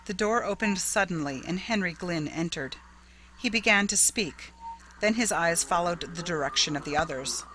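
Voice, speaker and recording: A woman narrating a ghost story in a dramatic, measured audiobook reading. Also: fairly low pitch, sharp tone, a little hiss or hum, low-quality recording.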